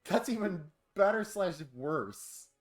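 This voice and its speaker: A man's voice: high voice, animated, slow pace. A man chatting casually on a game stream, joking and swearing as he tells stories. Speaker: streamer co-host.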